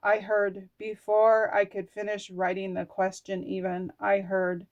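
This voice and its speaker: Unhurried, a middle-aged woman works through her oracle cards, reading their words aloud and chatting to herself between them. Her tone is earnest and candid, with the odd casual curse. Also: medium pitch, level tone. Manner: chatty, talks to herself while reading card texts aloud. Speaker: oracle card reader. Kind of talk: casual spiritual card-reading vlog.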